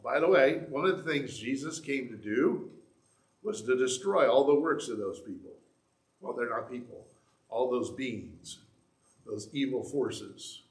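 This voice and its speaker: Pastor, male, mid-pitched, earnest conversational preaching, roomy church sound. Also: lively intonation, unhurried. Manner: conversational, earnest Bible teaching with asides to an online audience. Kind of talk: sermon.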